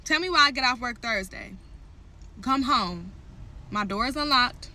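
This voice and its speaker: A woman's voice: a little high, expressive, measured pace, bright, forceful tone. A young woman ranting to her viewers, telling an angry story full of swearing and heated asides. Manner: heated, profane, talks straight to viewers.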